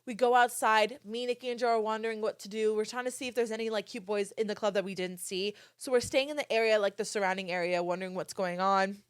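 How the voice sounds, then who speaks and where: A young woman in her twenties hosting a podcast, telling a story in casual chat, animated and swearing freely while she acts out quotes. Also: medium pitch, fast, hardly any pauses, clear, resonant tone, dry recording, clean studio sound. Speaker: podcast host.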